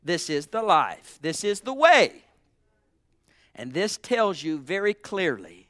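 Male preacher, high clear voice, fervent and emphatic, dry close sound. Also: big pitch swings, unhurried, dry recording. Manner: fervent, swings between hushed and loud emphatic preaching. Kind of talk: sermon.

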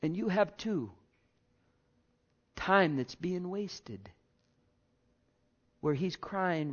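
Slow, emphatic man preaching a sermon. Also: high voice, lively intonation. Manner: slow, emphatic preaching with repeated phrases and shifting loudness. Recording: dull lo-fi sound.

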